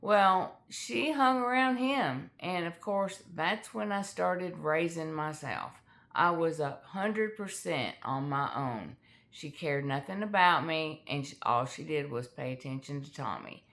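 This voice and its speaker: A middle-aged woman telling a personal family story in a candid, halting way with many fillers. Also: low voice, fairly bright tone. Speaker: author sharing her life story.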